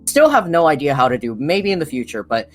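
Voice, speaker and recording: A young man hosting a podcast, chatting casually in a relaxed, rambling, slangy way. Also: on the high side, quick pace, faint music behind. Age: young adult. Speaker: podcast host. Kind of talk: casual chat.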